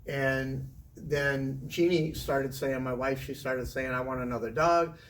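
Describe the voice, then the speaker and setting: A man's voice: mid-range voice, measured pace. Middle-aged man telling a story, distant mic. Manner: chatty, animated storyteller, swears casually. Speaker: interview guest, former teacher. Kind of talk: casual storytelling. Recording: distant mic with faint room noise.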